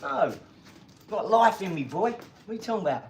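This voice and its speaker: A man hosting a casual live stream from his home garage, talking in an energetic, rambling, chatty way. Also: sits high, moderate pace, slight background noise. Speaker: livestream host.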